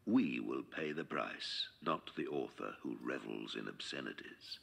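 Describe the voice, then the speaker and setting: A man's voice: very deep voice, animated, measured pace, vocal fry, fairly bright tone, slightly rough. A man reading out a quotation in a grave, denouncing tone.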